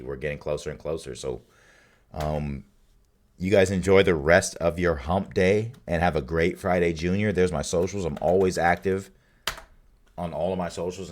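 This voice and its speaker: A tired man with a raspy voice, signing off a live stream with casual, rambling shout-outs to his chat. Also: deep voice. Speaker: streamer hosting a watch party.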